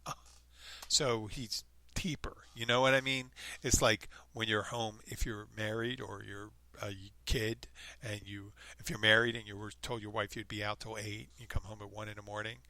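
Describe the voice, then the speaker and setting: A man hosting a solo podcast, reading a story aloud with animated, mocking put-on quotes. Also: lowish voice, moderate pace, no room sound. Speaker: podcast host.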